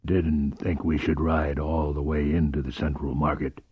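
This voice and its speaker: A man voicing a gruff, terse bodyguard in an audiobook, speaking low and clipped. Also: flat delivery, moderate pace, no room sound, muffled recording, exaggerated voice. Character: gruff, terse male bodyguard, grim and watchful. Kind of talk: audiobook character voice.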